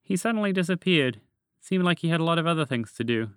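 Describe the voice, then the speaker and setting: A man voicing an excitable female frog in a storybook tale, talking in a chattery, easily startled way, pitched well above his own voice. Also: quick pace, clear, resonant tone, dry recording, clean studio sound. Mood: puzzled.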